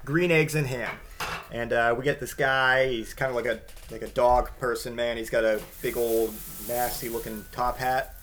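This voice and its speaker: A man talks through a picture book in casual comedic commentary, wry and rambling. His pitch sits in an ordinary middle range, and he stops often for fillers. A faint noise runs under his voice. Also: steady tone, normal speed, fairly bright tone.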